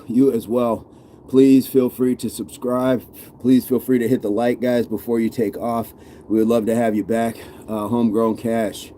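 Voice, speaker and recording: A man's voice: lowish voice, warm tone, a little hiss or hum. A man coaching a live-streamed workout, counting reps aloud and encouraging viewers while chatting with the live chat. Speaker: fitness coach.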